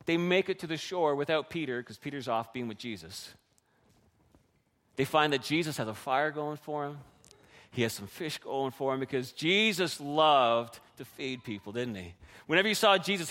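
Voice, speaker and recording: A man giving an animated children's sermon, acting out the quotes as he tells the story. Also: fairly high pitch. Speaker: pastor. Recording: reverberant hall.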